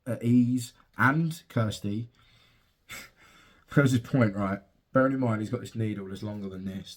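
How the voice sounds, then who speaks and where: A young father casually telling a heartfelt personal story and swearing freely. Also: lowish voice. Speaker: father and podcast host.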